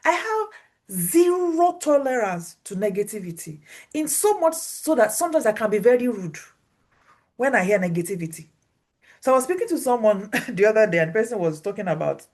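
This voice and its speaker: A woman preaching a sermon, animated, repeating phrases for emphasis and swinging her pitch widely as she acts out voices. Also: normal speed, long pauses.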